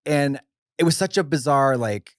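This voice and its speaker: A man co-hosting a podcast in casual chat, animated and quick with asides and swearing. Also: mid-range voice, dry recording. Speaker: podcast co-host.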